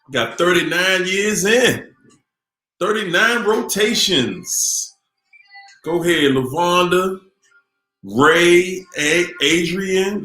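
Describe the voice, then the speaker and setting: A middle-aged man with a slightly high voice hosts a casual live stream, tired and laid-back as he greets people one by one. He talks slowly. His voice echoes around the room over faint background music. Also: pushed and bright. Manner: laid-back, greets chat viewers by name. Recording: roomy echo with faint music.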